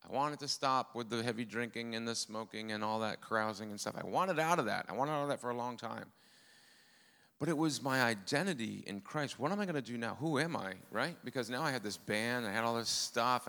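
A man's voice: mid-range voice, gravelly, fairly bright tone. A man preaching a testimony sermon, telling his story in an earnest way with a dry, self-mocking humor.

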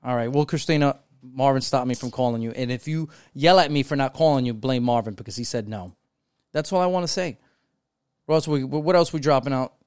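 This co-host's voice sits in the mid-range, smooth and a little mellow, and he keeps a brisk pace. His podcast chatter is casual and wandering, full of swearing and thoughts left unfinished, captured as a dry, clean studio recording.

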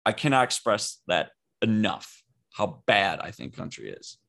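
A man's voice: on the low side, very animated, measured pace, gravelly, a bit bright. A young man co-hosting a podcast, chatting casually and giving blunt, rambling opinions. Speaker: podcast co-host. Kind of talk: casual chat.

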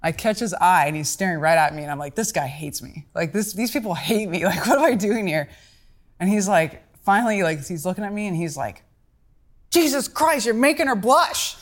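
A woman's voice: on the low side, brisk. A woman guest on a podcast telling a story casually and animatedly, acting out the people she quotes.

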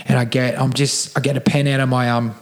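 A man's voice: medium pitch, level tone, brisk. An Australian man, a podcast guest, telling his story in a casual rambling way, with many restarts and swearing, emotional and close to tears.

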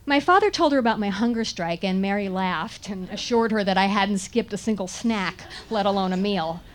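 A woman telling a funny first-person story in an animated way, often laughing and sounding indignant. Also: mid-range voice, normal speed, a little hiss or hum.

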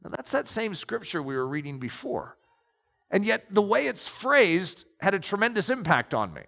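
A man's voice: high voice, very animated, moderate pace, gravelly, sharp tone. A man preaching and reading aloud from a book, emphatic and storytelling. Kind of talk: sermon with read-aloud passages. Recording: long echoing reverb.

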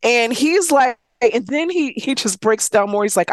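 A woman with a fairly high voice excitedly recaps a book, slipping into quick voices for the characters and swearing freely. The sound is dry and close, with no room around it. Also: no room sound. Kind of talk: casual chat retelling a romance novel plot.

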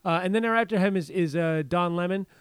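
A man with a high, smooth voice talks a little fast in a clean studio recording with no echo. Co-hosting a casual political chat, he rambles with many restarts and stammers, acting out other people's words in a raised voice.

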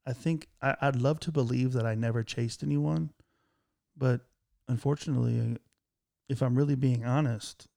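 A man hosting a casual studio chat, talking in a lively, jokey way and acting out bits of his stories. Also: mid-range voice, normal speed, creaky. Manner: animated, jokey, acts out voices in stories. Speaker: podcast host. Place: office studio. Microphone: studio mic with headphones.

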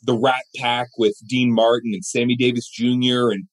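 A man's voice: medium pitch, moderate pace. A middle-aged man in an interview, telling stories with energy and acting out the voices of the people in them. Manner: animated storyteller who acts out other people's voices. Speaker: guest. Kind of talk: storytelling interview chat.

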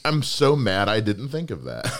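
A male podcast co-host with a lively voice that swings up and down in pitch. He chats casually, swears freely and laughs often. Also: unhurried. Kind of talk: casual podcast chat and ad read.

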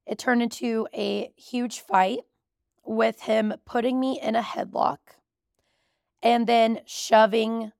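Candid woman podcaster with a gravelly edge. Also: a little high, steady tone, takes it slowly, a little mellow, no room sound, studio quality. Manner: candid, emotional, tearful at times. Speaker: podcast host. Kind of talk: personal podcast storytelling.

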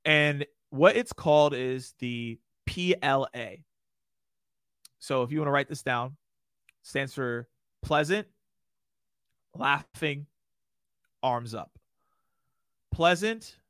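A man giving a live online sales lesson, energetic and casual, acting out friendly phone openers and checking in with "right?" often. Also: medium pitch, clean tone, dry recording, clean studio sound. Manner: energetic, demonstrates phone lines with a friendly laugh; casual, frequent rhetorical "right?". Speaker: sales trainer.

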